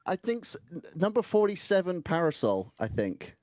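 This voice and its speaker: A man's voice: sits high, big pitch swings, normal speed, no room sound, clean studio sound. A man playing a confused parasol shop owner in a put-on American accent, giggling often. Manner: bright and gushing in character, laughs often. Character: flustered male parasol shop owner, cheery then confused.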